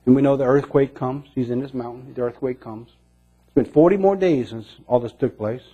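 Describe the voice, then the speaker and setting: A man preaching a sermon in an earnest way, moving between emphatic lines and hushed ones. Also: medium pitch, fairly quick, slightly rough. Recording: dull lo-fi recording.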